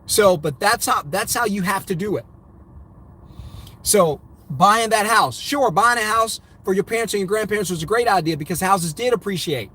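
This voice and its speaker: A man with a notably high voice delivers a motivational money talk to his viewers. He is middle-aged and hammers his points home with emphatic repetition, in a preachy, punchy rhythm. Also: moderate pace, sharp tone, breathy edge. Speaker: host.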